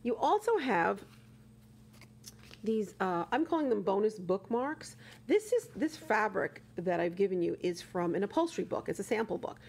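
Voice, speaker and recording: A woman reading a picture book to children and then explaining a craft, gentle and exclamatory, often asking the children questions. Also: medium pitch, normal speed, vocal fry. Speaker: children's librarian. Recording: steady background hum.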